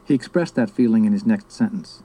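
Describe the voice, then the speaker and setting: Man from south america reading a memoir audiobook, really dark mellow voice, steady pace. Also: on the low side, husky, low-quality recording. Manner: steady, measured storytelling. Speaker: narrator.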